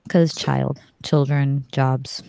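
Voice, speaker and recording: Brief: woman, 30s, low voice, dry close sound, swears freely, blunt and lively podcast guest. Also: drawn-out words, gravelly, dry recording. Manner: profane, blunt and animated. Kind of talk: casual podcast chat.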